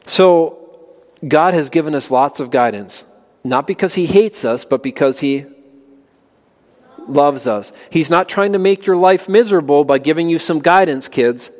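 A man's voice: a little high, measured pace, a little mellow. A man preaching a sermon to children in an emphatic way, often putting questions to them. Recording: long reverb of a large hall.

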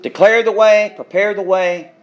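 A male preacher with a notably high voice delivers a sermon, reading Bible verses and then unpacking them. He talks emphatically and repeats key phrases for effect. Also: steady tone, normal speed. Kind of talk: expository sermon reading scripture.

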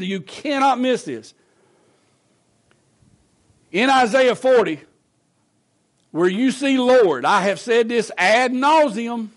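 High-voiced, slow-preaching pastor. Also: male voice. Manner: earnest preaching, swinging between low and raised emphasis; repeats himself in quick conversational asides. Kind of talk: sermon. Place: church sanctuary.

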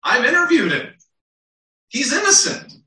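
A man's voice: very high-pitched, wildly swooping pitch, unhurried, sharp tone, pitched above the performer's own voice, full character voice. A man voicing an exasperated Roman governor who pleads with a crowd in insistent, incredulous questions. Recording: roomy and distant.

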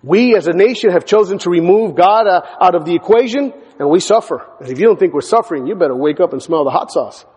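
A male pastor preaching a sermon, emphatic, hammering words through repetition and building to near shouts. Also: high-pitched, lively intonation, fast, hardly any pauses, breathy edge. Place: church sanctuary. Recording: church hall with long reverb.

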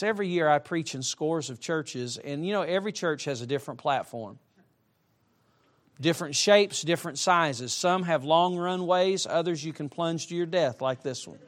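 A middle-aged male preacher with a notably high voice delivers a sermon in a church. He speaks emphatically and breaks up his points with humorous asides. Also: moderate pace. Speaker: traveling preacher. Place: church sanctuary.

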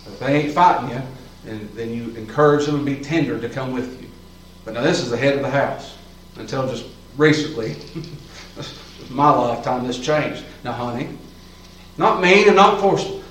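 A man's voice: medium pitch, moderate pace, a bit bright, slight background noise. A man preaching a sermon in a church, in a folksy, fervent style with plain colloquial talk. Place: church sanctuary. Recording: roomy echo, voice from far off, faint ambience.

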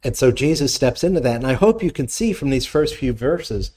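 A man's voice: medium pitch, expressive, a little fast, darkish tone. Male pastor, conversational sermon delivery, reads verses aloud then explains them, asks the congregation questions.

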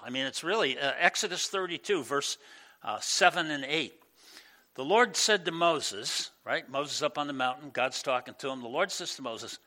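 A male pastor giving a conversational sermon in a church, animated and full of asides. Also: a little high, moderate pace.

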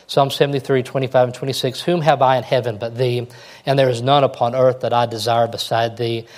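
A man's voice: medium pitch, level tone, fairly quick, darkish tone. Earnest male preacher delivering a sermon. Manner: earnest, rising to emphatic exhortation.

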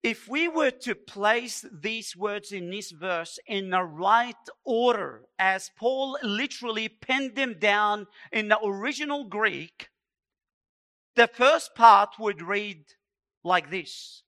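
A man's voice: sits high, animated, sharp tone. A man preaching a sermon, pleading and emphatic, stretching out key phrases. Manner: pleading, emphatic preaching with slow drawn-out stresses. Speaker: pastor.

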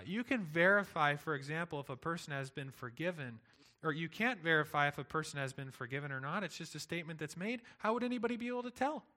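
A man's voice: fairly high pitch, sharp tone. A pastor preaching a sermon, earnest and emphatic, driving his points home with rhetorical questions.

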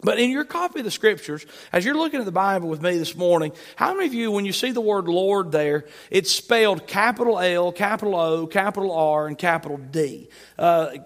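High-voiced preacher in a reverberant hall. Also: male voice, expressive, brisk. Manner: emphatic, swings between loud and soft. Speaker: pastor. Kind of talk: sermon.

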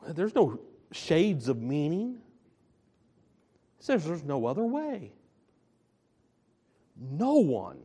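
A man preaching a sermon, slow and emphatic, stressing and repeating his key phrases. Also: on the high side, huge pitch swings, mellow, slightly rough.

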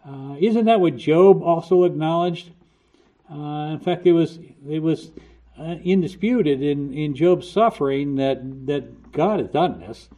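A man's voice: fairly high pitch, animated, measured pace, dark tone. A man preaching a sermon, earnest, often restarting and repeating his words. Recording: dull lo-fi recording.

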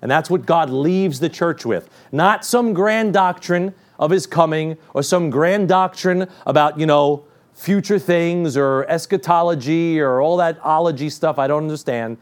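A man's voice: fairly high pitch, unhurried. A male preacher giving a midweek sermon, quoting scripture with emphasis and dropping joking asides.

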